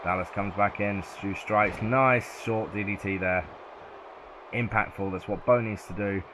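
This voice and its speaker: Southern English male commentator with a lowish voice and loud game sound behind him, who gets excitable and shouts at near-falls. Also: a little slow, background noise.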